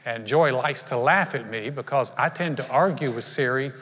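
Pastor preaching in an echoing church. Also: male voice, medium pitch, moderate pace, fairly bright tone. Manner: conversational storytelling with humor and asides. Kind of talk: sermon. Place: large church sanctuary. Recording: live church hall reverb.

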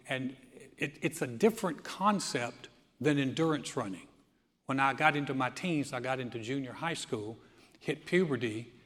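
A man in his sixties preaching a sermon, telling stories with laughs and frequent restarts. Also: mid-range voice. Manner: animated storytelling with laughs and restarts. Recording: long hall reverb.

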